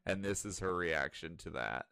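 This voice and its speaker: A man with a very low voice chats casually, recapping a story in an animated, swearing way. The sound is very close and dry, with no room around it. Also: moderate pace, vocal fry, smooth, no echo. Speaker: podcast co-host. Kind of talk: casual chat.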